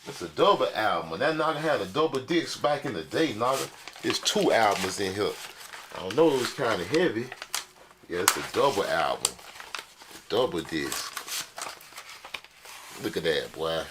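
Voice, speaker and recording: A man's voice: lowish voice, big pitch swings, moderate pace, long pauses. A man chatting casually to his viewers in a loose, slangy, joking way as he shows off his record collection. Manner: loose, slangy, joking, talks straight to the audience. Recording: crowd and noise behind the voice.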